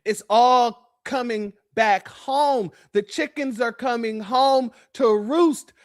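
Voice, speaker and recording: A man hosts a reaction commentary, mocking and preaching to his audience. His voice is very high for a man. He swings between scornful asides and raised emphasis. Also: takes it slowly. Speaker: host of a commentary show.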